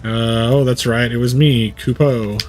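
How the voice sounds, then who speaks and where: A man's voice: medium pitch, steady tone, a little slow, darkish tone, faint music behind, lightly acted. A man reading as a fussy little moogle creature. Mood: fretful. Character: small fretful moogle creature ending lines with kupo.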